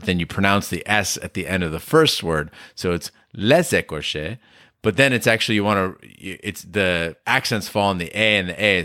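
Low-voiced man, fast and emphatic. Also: sharp tone, dry recording, studio quality. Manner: quick, emphatic talker. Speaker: podcast co-host. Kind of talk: casual podcast discussion.

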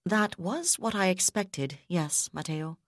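A woman voicing a calm, composed female officer who speaks in a measured, slightly wry way. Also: lowish voice, dry recording, studio quality, pitched above the performer's own voice.

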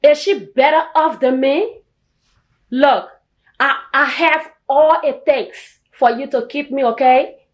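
A woman's voice: mid-range voice, animated, measured pace, pauses often, fairly bright tone, echoey room, poor audio. An actress with a Liberian English accent playing a confident mistress, coaxing and boasting to a married man. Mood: boastful.

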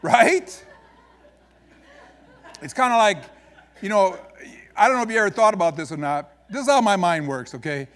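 A man's voice: sits high, fast. A man with an Upper Midwest American accent preaching a sermon as pastor, folksy and joking as he tells stories. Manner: folksy, joking, animated storytelling.

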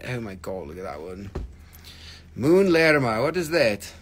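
A man hosting a live stream where he sells rocks, gushing excitably over each stone, swearing freely and bantering with viewers. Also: a little high, a little fast, slightly rough. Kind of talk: live sales stream chat.

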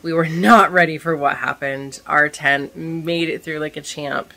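A woman with a scratchy, hoarse voice chatting casually in a vlog, telling a story in an animated way while cooking at home. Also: low voice, unhurried. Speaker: vlogger, stay-at-home mom.

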